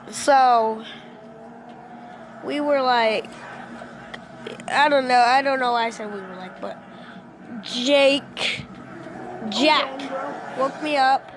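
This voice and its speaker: A young female gaming vlogger casually telling a rambling story, excitable and breaking into shouts when she quotes people, into a headset mic. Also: high voice, creaky, slight background noise.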